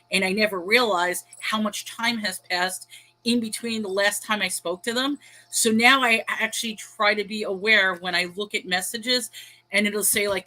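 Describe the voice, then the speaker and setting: A woman's voice: medium pitch, bright, forceful tone, rough recording. A middle-aged woman hosting a casual livestream, rambling and self-deprecating, reading viewer chat aloud and laughing often between thoughts. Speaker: livestream host and small online seller. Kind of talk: casual confessional livestream rant.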